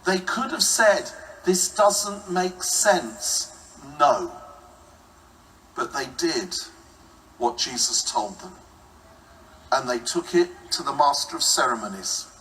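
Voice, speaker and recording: A man's voice: medium pitch, sing-song, takes it slowly, pauses often, bright, forceful tone, distant mic, a little hiss or hum, rough recording. A man preaching a sermon with humor, acting out the quoted voices.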